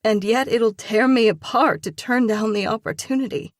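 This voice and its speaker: A woman's voice: a little high, normal speed, no room sound, clean studio sound, pitched above the performer's own voice, lightly acted. A woman reading an audiobook and voicing a torn young female singer who speaks in an earnest, emotional way. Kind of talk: audiobook dialogue.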